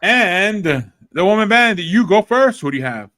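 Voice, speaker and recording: A man's voice: sits high, big pitch swings, unhurried, pushed and bright. A man co-hosting a casual wrestling predictions podcast, dryly moderating the picks and pushing back on teasing. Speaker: podcast co-host running the picks.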